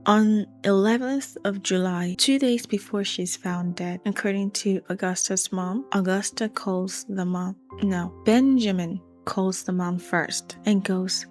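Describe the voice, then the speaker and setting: A woman's voice: mid-range voice, unhurried, few pauses, soft background music. A woman narrating a true crime case in a conversational, emphatic way. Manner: animated, emphatic retelling.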